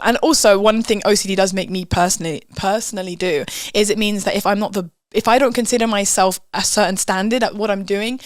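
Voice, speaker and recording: A woman, a guest chatting candidly with quick asides and self-critical remarks. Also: medium pitch, no echo. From England. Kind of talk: casual chat.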